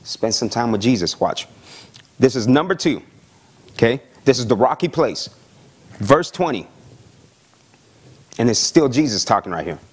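Lively, animated male pastor preaching. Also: mid-range voice, measured pace, pauses often, slightly rough. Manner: animated, conversational preaching with frequent "okay?" and "watch this"; acts out voices of excited young believers. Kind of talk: sermon.

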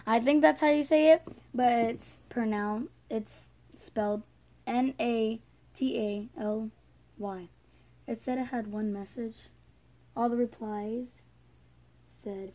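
A woman's voice: a little high, fairly even intonation, measured pace, warm tone. A female vlogger ranting casually to her viewers, rambling and indignant. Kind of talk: casual vlog rant.

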